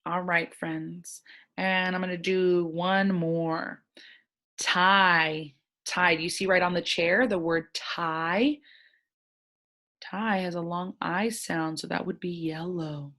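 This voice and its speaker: A woman teaching a first grade phonics lesson, sounding out words slowly in a gentle, encouraging way. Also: lowish voice, fairly even intonation. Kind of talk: recorded online phonics lesson.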